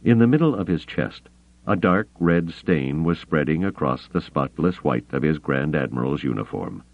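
A man narrating a novel as an audiobook, reading dramatically with measured pauses. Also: a bass voice, lively intonation, creaky, no echo. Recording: tinny phone-like audio.

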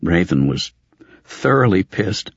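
A man's voice: low-pitched, big pitch swings, slow pace, husky, no room sound, lo-fi sound. A man narrating a fantasy audiobook in the first person, in a dry, wry, world-weary tone.

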